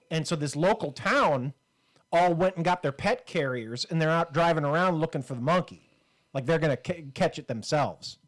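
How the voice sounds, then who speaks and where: A man co-hosting a comedy podcast, rambling and joking in casual banter. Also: fairly high pitch. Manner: rambling, joking, with frequent fillers. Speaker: podcast co-host.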